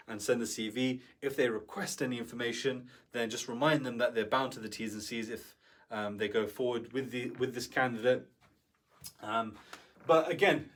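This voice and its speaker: A man giving an instructional talk as a business coach, speaking conversationally and often checking in with the listener. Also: mid-range voice. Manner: conversational, keeps checking in with "right?".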